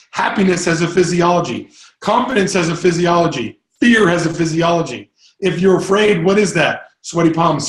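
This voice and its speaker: An energetic male sales coach talks to a live group in a rambling way, now and then breaking into loud whoops. His voice sits fairly high for a man. The sound bounces around an echoey room.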